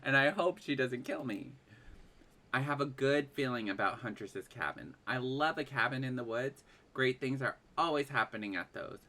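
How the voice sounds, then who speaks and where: A woman's voice: rumbling low, moderate pace, bright, forceful tone. A woman streaming a dating game, reading its text aloud and reacting with laughs and shrieks. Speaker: gaming streamer.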